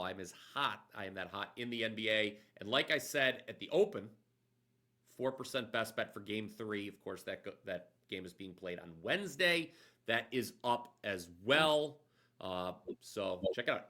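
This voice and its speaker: A man's voice: fairly low pitch, lively intonation, moderate pace, pushed and bright. A man hosting a sports betting show, talking casually and upbeat like an announcer.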